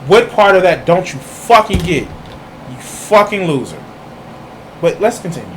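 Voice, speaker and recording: A man delivers profane reaction commentary in a somewhat high voice. He is heated and mocking, cursing in nearly every line. A faint hiss sits behind him. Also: big pitch swings, measured pace. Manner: heated, mocking, swears constantly. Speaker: streamer reacting to videos.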